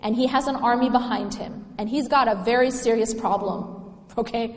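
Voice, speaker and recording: High-voiced woman lecturing in an echoey hall. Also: normal speed. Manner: engaging, asks the audience questions. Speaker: religious lecturer. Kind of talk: religious lecture to a live audience.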